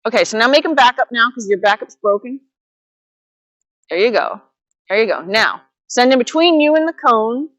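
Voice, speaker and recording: A woman with a fairly high voice coaches a student through groundwork with a horse. She gives steady, patient directions and quick bursts of praise. The sound is dry and close, with little room echo. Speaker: horsemanship instructor.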